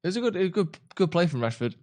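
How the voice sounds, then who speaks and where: A man's voice: high-pitched, big pitch swings, fast, darkish tone. Rambling, jokey male watchalong co-host. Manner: rambling, jokey, searches for words. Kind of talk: casual live match watchalong chat.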